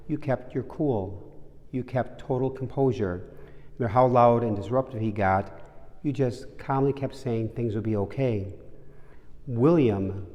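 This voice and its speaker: A man's voice: mid-range voice, long reverb tail, muffled recording, close to an everyday voice. A priest voicing an admiring woman shopper. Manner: polite, admiring.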